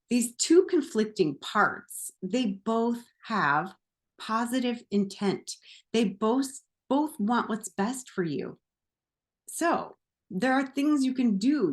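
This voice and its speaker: Woman, therapist and coach, casual motivational talk, middling pitch, chatty, laughs often, says "like" a lot.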